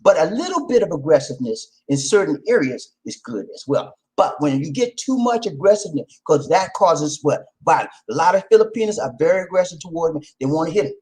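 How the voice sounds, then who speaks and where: A man hosting a casual advice talk, animated and preachy, with slang and loud laughs at his own jokes. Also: a little high, fairly quick, hardly any pauses, poor audio. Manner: slangy, repeats "man" and "okay". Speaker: vlog host.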